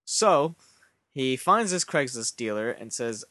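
A man hosting a podcast, telling a comic story in a deadpan way with rambling asides. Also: mid-range voice, takes it slowly, no room sound. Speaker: podcast host.

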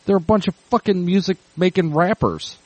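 A man's voice: high voice, normal speed, a little mellow, breathy edge, dry recording. A man hosting a podcast in casual chat, ranting and cursing. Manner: ranting, profane. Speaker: podcast host.

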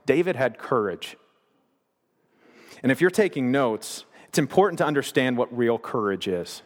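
A man's voice: medium pitch, animated, normal speed. A man preaching a sermon, retelling scripture in a conversational way with paraphrased asides. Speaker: pastor. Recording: long reverb of a large hall.

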